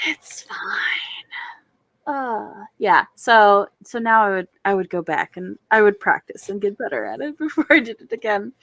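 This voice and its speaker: A woman's voice: medium pitch, sing-song, a little fast, hardly any pauses, fairly bright tone, dry recording. A woman in her thirties hosting a casual drawing stream, chatty and self-deprecating, often laughing as she talks. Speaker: stream host. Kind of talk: casual chat while drawing.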